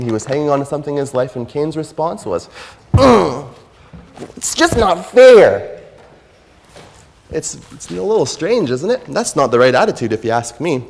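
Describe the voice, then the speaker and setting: A man giving a Bible lesson to children at a church, speaking conversationally, asking them questions and reading verses slowly. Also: medium pitch, darkish tone, in a large hall, a little hiss or hum.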